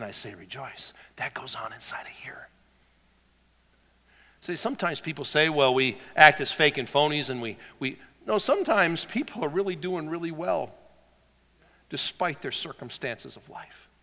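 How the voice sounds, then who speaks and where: A bright-voiced man preaching to his congregation. He is animated and dramatic, swinging from near-shouts down to quiet, breathy asides. His voice rings with the long reverb of a church hall. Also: mid-range voice. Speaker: pastor. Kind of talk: sermon.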